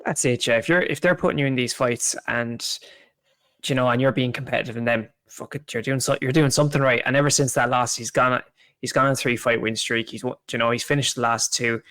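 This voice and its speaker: A rambling man in casual podcast talk, with a middle-pitched voice. He often restarts his sentences and swears offhandedly. The sound is dry and close. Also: fairly even intonation, fairly quick, fairly bright tone, no room sound. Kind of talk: casual chat.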